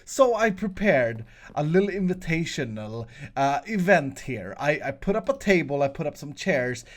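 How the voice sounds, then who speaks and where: Lively Swedish man playing Minecraft. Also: a little high, normal speed. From Sweden. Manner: playful, jokey, frequent self-corrections and restarts. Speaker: host, Minecraft player. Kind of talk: casual gameplay commentary.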